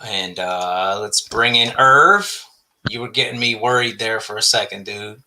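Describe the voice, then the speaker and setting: A middle-aged man hosts a casual podcast chat with a gravelly, crackly edge. His tone is bright and forward. He talks in a loose, profane, storytelling way. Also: lowish voice, measured pace. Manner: laid-back, profane, storytelling. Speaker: podcast host.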